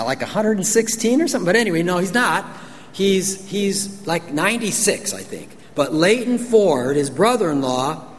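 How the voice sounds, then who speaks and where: A man preaching a conversational sermon, folksy and emphatic, often asking the congregation questions. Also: high-pitched. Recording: long hall reverb, faint ambient noise.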